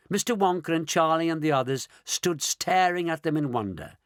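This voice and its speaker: Male audiobook narrator, high and very animated, close and dry. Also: no echo. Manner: animated, lively delivery. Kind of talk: expressive storybook narration.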